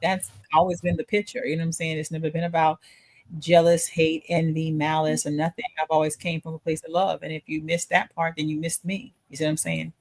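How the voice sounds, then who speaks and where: A woman's voice: low voice, flat delivery, brisk, no echo. A woman in a casual livestream chat, talking reflectively and often asking "you know what I'm saying". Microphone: streaming call mic.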